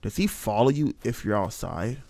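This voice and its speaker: A man's voice: lowish voice, lively intonation, normal speed, creaky, warm tone. A young man streaming a horror game, chatting nervously to his viewers in casual slang. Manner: chatty, jittery, talks to chat in slang. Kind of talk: live horror game commentary.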